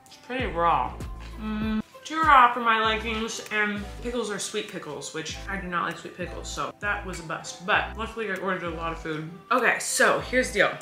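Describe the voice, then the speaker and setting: A woman in her thirties chats on in a rushed, rambling vlog, with a bright, forceful tone. She sounds stressed and overwhelmed. The room is echoey, with faint music underneath. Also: mid-range voice. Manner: rapid, chatty and rambling. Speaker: vlogger. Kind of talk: casual vlog chat. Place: hotel room.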